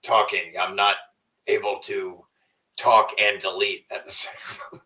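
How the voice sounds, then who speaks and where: A man's voice: fairly low pitch, level tone, a little slow, bright, forceful tone, far from the mic, rough recording. A man hosting a livestream in a rambling, profane way, often trailing off into mumbles. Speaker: livestream host. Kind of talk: casual livestream rant.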